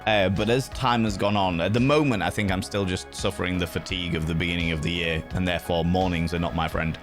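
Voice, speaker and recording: A man with a fairly low voice hosts a livestream and reads out viewer messages. He talks in a playful, effusive way and swears now and then, with sudden jumps in pitch. Faint music plays behind him. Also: fairly even intonation, fast talker. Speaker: livestream host. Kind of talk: casual chat reading viewer messages.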